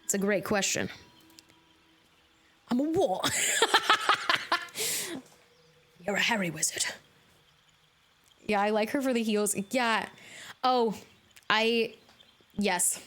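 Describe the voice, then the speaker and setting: A woman streaming a video game live, chatting casually with her viewers, bubbly and quick to laugh. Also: fairly high pitch, expressive, sharp tone. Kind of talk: casual live-stream chat while gaming.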